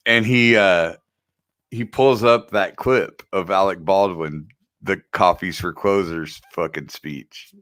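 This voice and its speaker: A man's voice: sits low, fairly bright tone, no room sound. A man in his forties co-hosting a podcast, telling candid, profane stories in casual chat. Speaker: podcast co-host.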